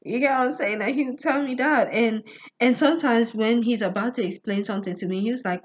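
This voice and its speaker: A woman's voice: on the high side, brisk. Chatty woman vlogger, muffled audio. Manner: keeps asking "you get what I'm saying?", often laughs; stammers and restarts words. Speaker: astrology vlogger. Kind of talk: casual personal storytelling monologue.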